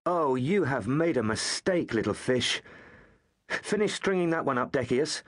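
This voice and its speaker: A man's voice: medium pitch, expressive, measured pace, pitched above the performer's own voice. A man voicing a heavy-set, cruel teenage bully leader in an audiobook, speaking in a hard, gloating and mocking way. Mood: menacing.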